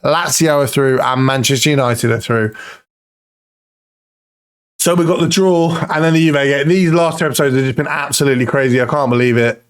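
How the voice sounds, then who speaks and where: A man commentating his own football management game, excitable and pleading at the screen, swearing now and then. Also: medium pitch, fairly quick, smooth. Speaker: gaming YouTuber.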